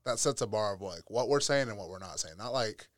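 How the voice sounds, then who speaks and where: A young man with a lowish voice talks a little fast in a dry, clean studio recording while guesting on a podcast. His casual stories are lively, with him performing his family's voices.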